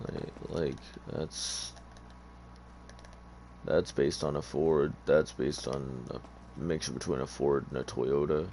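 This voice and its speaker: A man's voice: very deep voice, steady tone, takes it slowly, mellow, slight background noise. A man giving laid-back, rambling commentary over a car game, sleepy and just awake, with many fillers. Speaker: gaming YouTuber. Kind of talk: casual gameplay commentary.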